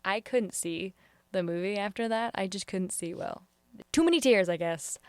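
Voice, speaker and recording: An earnest woman talks through her thoughts on a show in a casual review, openly emotional and hesitant at times. Her voice sits at an ordinary middle pitch. It jumps up sharply when she gets excited and drops to soft near-whispers, and the sound is close and dry, with no room echo. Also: normal speed, clean tone. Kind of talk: casual spoken review vlog.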